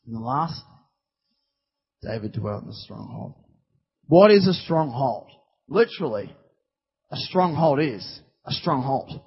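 A man preaching a sermon in a church hall, impassioned, swinging between loud declarations and hushed asides. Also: medium pitch, expressive, unhurried, vocal fry, pauses often, husky. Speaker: pastor. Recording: dull recording in a long-reverb hall.

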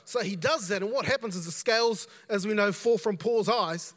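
A man's voice: high-pitched, normal speed, a bit bright, in a large hall. A man preaching a conversational sermon as a pastor, repeating himself and dropping in asides.

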